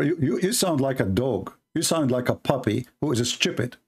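A husky, mid-range male voice moves at normal speed with hardly any pauses, animated throughout. As a religious commentary host reacting live to clips, he's indignant, repeating words for emphasis.

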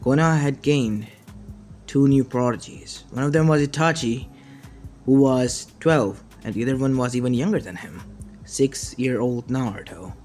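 A man's voice: mid-range voice, a little mellow. Man reading a fan story over music. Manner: plain, halting reading with restarts.

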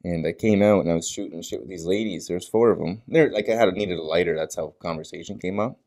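A man's voice: sits low, quick pace, darkish tone. A man with a small-town Ontario accent chatting casually on a podcast, laid-back and swearing often. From small-town Ontario, Canada. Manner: laid-back, swears a lot, says bro. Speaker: podcast co-host. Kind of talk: casual chat.

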